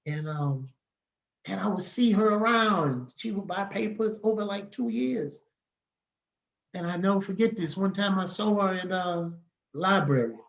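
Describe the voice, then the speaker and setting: A man, telling stories as a podcast guest in a lively, casual way and acting out the people he quotes. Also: high voice, a little slow, creaky, muffled recording. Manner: animated, acts out the people he quotes, laughs often. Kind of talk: casual storytelling.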